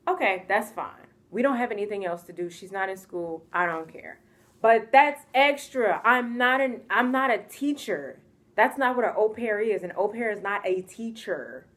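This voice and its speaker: An animated young woman from the United States tells a story in a casual vlog. She sounds exasperated and acts out the people in it in their own voices. Her voice sits at an average pitch for a woman. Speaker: vlogger telling a story.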